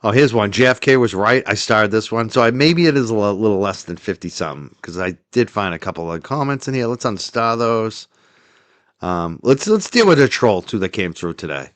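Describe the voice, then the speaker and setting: A man hosting a livestream, reading and thanking viewers' super chats in a casual, chatty way, laughing easily and trailing off quietly. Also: on the low side, lively intonation, a little fast, no echo.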